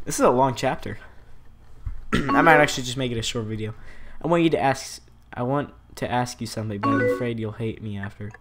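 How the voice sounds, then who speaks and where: A young man hosting a let's play, joking and reading chat messages aloud in an animated voice. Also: medium pitch, noisy background. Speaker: gaming channel host. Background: loud game music.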